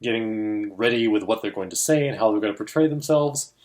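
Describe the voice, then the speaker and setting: Animated man telling a story casually. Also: on the low side, brisk. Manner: animated storyteller acting out quoted voices, laughs often. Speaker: co-host of a film industry show.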